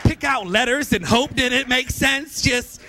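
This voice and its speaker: A man doing stand-up comedy at a church, animated and quick to slip into impressions of his family. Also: very high-pitched, soft background music. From US East Coast. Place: church hall.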